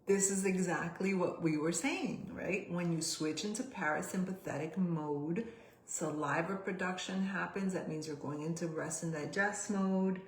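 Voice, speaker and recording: A woman coach leading a guided body exercise session, giving gentle step-by-step cues and sighing out loud along with the listeners. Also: fairly low pitch. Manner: gentle, slow cues with audible sighs. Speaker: somatic coach. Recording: roomy echo.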